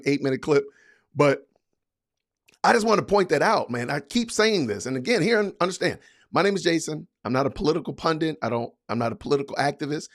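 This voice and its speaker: A man hosting a podcast, giving sarcastic political commentary in a mocking, hyped-up, repetitive way. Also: a little high. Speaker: podcast host.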